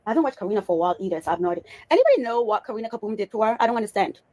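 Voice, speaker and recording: A woman's voice: medium pitch, very animated, racing, warm tone. A woman hosting a reaction commentary, talking in a sarcastic, scolding way and calling the person she is criticizing honey. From Bali. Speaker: commentary host reacting to clips.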